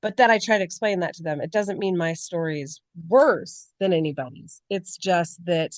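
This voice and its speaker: Woman, podcast co-host, candid, rambling, lower voice, dry sound. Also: normal speed, dry recording. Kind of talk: casual chat.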